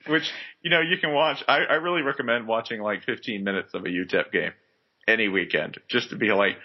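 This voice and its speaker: Low-voiced man joking through sports chat. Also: a little fast. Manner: joking, rambling with many fillers. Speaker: podcast host. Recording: dull lo-fi podcast recording.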